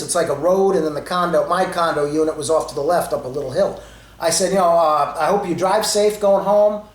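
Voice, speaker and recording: A man's voice: sits high, reverberant, low-quality recording. A man, in his forties, telling his dating stories in a rambling, conversational way, full of fillers and quoted dialogue. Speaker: storyteller. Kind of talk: casual storytelling.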